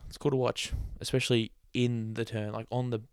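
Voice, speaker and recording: A man's voice: mid-range voice, little pitch movement, a little fast, darkish tone, clean tone, dry recording, studio quality. A man hosting a casual solo podcast, rambling and chatty, with sarcastic asides and laughs at his own jokes. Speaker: podcast host.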